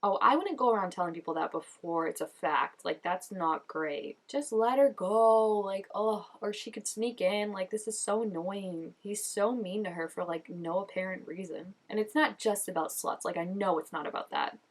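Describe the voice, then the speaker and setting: A woman's voice: mid-range voice, moderate pace, hardly any pauses. A young woman reacting to a show episode in casual, gushing commentary, chatty and full of "like". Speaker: reaction vlogger.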